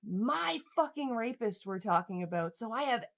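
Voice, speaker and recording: A young woman rants angrily at her livestream chat while reading it, heated, profane, and sarcastic. Her voice is on the high side and creaky, with lively intonation at normal speed, and the stream audio is dull and lo-fi.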